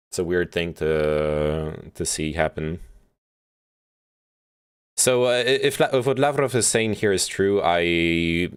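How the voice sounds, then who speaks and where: A man hosting a stream, giving casual commentary on a played speech in a halting way, with many fillers and restarts as he thinks aloud. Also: low-pitched, smooth. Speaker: streamer host.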